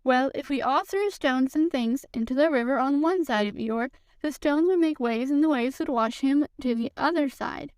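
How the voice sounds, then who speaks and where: A woman reading a storybook aloud, voicing a gentle, hesitant male teddy bear. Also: high voice, moderate pace, hardly any pauses, no echo, close to an everyday voice.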